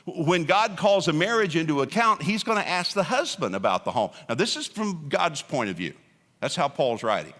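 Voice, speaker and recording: A man's voice: a little high, very animated, normal speed, fairly bright tone. Stammering preacher man in a reverberant hall. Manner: conversational preaching with stammered restarts and jokes. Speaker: pastor. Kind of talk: sermon. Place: church auditorium.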